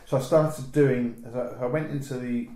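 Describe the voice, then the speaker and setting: A man's voice: medium pitch, steady tone, moderate pace, warm tone. Man, southern English accent, photographer, meandering storytelling, roomy echo. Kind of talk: casual reminiscing interview.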